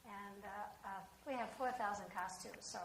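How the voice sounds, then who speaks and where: A woman's voice: medium pitch, fairly even intonation, normal speed, echoey room, slight background noise, low-quality recording. An older woman answering interview questions in a rambling, hesitant way.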